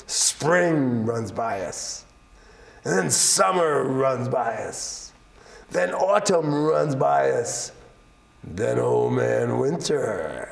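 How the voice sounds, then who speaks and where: A man telling a folktale as a guest storyteller, rhythmic and repetitive, building excitement. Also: medium pitch, vocal fry, far from the mic.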